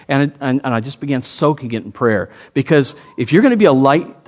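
A man preaching a sermon as pastor, telling a story with lively swings in his voice. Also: mid-range voice, brisk.

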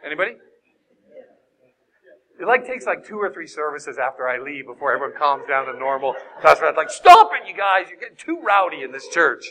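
Guy preaching a lively sermon, high voice, bright and punchy, keeps jumping into shouty acted-out bits. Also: a little fast, low-quality recording. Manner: acts out scenes with shouted voices. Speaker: guest preacher. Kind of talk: animated sermon.

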